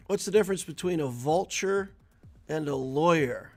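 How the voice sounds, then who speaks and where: A man's voice: a little high, animated, moderate pace, gravelly, faint music behind. A man streaming a video game, chatting casually and telling jokes with a laugh. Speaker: gaming streamer. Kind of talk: casual live-stream commentary with joke telling.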